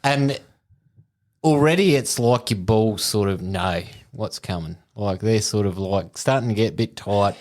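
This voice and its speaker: A man's voice: fairly low pitch, a little slow, a little mellow. An Australian man, a podcast co-host, telling a crude story in casual chat and laughing through it.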